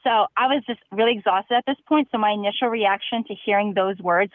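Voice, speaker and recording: A young woman calling in to a podcast, telling a long story in an animated, chatty way with plenty of fillers. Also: medium pitch, a little fast, few pauses, no echo, rough recording. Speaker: caller. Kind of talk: casual storytelling.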